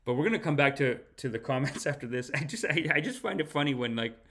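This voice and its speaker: A man's voice: medium pitch, expressive, quick pace, a bit bright. A man hosting a podcast, reacting to clips in a casual, joking, profane way. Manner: joking, profane, laughing often. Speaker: podcast host.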